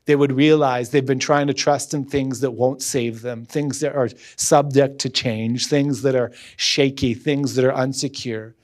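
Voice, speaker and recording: Man, guest pastor, earnest sermon, emphatic repetition, mid pitch. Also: fairly even intonation, measured pace, hardly any pauses. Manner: earnest, emphatic preaching with repeated phrases. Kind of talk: sermon and closing prayer.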